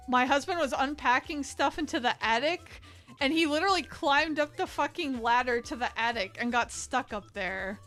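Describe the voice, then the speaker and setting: A young woman with a bright, slightly high voice talks casually while drawing on a stream. She rambles, swears freely and laughs often. Faint music plays behind her. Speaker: art streamer.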